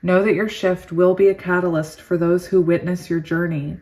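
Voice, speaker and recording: Tarot reader, female, slightly low voice; slow soothing card reading, excitable laughing asides. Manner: giddy and excitable, laughs often. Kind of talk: reading oracle cards aloud with chatty asides.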